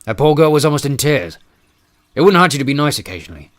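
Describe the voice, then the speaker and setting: A towering bodyguard with a steady, matter-of-fact delivery, read by a man narrating an audiobook. He sounds close to an everyday grown man's voice. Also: medium pitch, fast, dry recording, pitched above the performer's own voice, natural voice. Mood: calm, dry.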